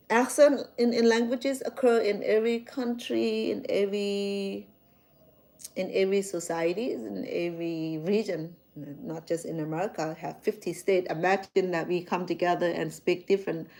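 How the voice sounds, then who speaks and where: A woman's voice: mid-range voice, vocal fry, darkish tone. A woman from Cambodia with a Cambodian accent, a chef chatting casually to her viewers, repeating words and checking in with "okay?". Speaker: chef and host.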